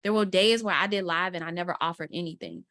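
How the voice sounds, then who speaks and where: A woman's voice: fairly low pitch, quick pace. A woman, a guest mentor telling a story in casual interview talk, acting out quotes as she goes. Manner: animated storyteller, acts out quotes. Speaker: guest mentor, content strategist.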